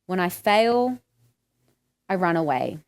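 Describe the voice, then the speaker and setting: A woman's voice: on the low side, sing-song, slow. An Australian woman giving a conversational sermon, asking her listeners questions and acting out the lines she quotes. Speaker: preacher.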